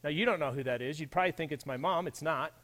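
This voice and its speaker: A man's voice: a little high, fast, fairly bright tone. A man preaching a sermon in a church, talking in a conversational way and addressing his listeners directly. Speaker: pastor.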